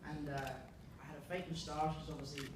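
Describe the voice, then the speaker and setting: A man's voice: on the high side, fairly even intonation, brisk, a loud crowd. A young man on a festival panel, telling a self-deprecating anecdote in a casual way. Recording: echoey hall recorded from far off, noisy.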